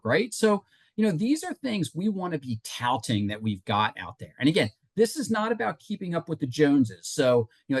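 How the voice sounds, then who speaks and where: A man leads a workshop with a lively, swooping delivery and an emphatic, chatty manner. His voice sits a bit high for a man. The recording is dry and close. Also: breathy edge, no echo. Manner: animated, conversational, emphatic. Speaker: workshop presenter. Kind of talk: live webinar teaching.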